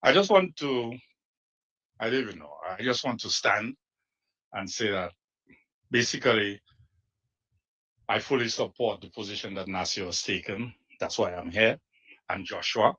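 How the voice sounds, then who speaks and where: A man's voice: on the low side, lively intonation, moderate pace, long pauses, fairly bright tone, husky. A man, a doctor, giving an earnest and somewhat hesitant statement of support at a news interview.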